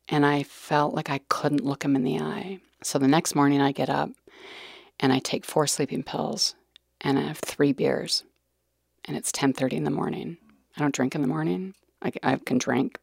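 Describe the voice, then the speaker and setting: A woman's voice: sits low, creaky, dry recording, studio quality. A middle-aged woman, a nurse educator, telling a personal story candidly and earnestly, dropping to whispered asides.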